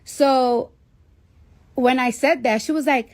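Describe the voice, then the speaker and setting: Speaking slowly in a high voice with fairly even intonation, a woman rambles through a personal story for her livestream audience, cursing along the way and saying "like" over and over in a casual storytelling style.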